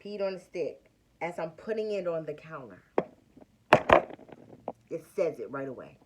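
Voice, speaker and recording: Young woman vlogger, low voice, takes her time, chatty and slangy, acts out the quotes. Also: sing-song, a little slow, very noisy. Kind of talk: casual storytelling.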